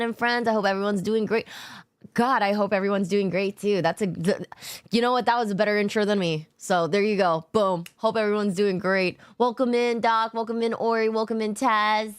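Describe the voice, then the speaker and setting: Giggly tired woman streamer, smooth voice. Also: mid-range voice, normal speed. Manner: loose and giggly, swears casually, greets chatters by name. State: tired after work. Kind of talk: casual chat with live viewers.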